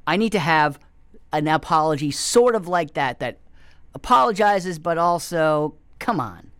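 A man's voice: a little high, measured pace, fairly bright tone, clean tone, no room sound. A man hosting a comedy show, delivering a rambling, self-mocking monologue with sudden whispered asides. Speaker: comedy show host taking calls.

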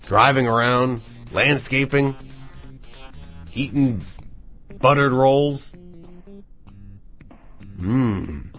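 A man hosting a live radio show in a studio, rambling and thinking out loud into the microphone. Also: medium pitch, extremely slow, pauses often, faint music behind. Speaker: radio DJ and host. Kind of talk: casual live radio chat.

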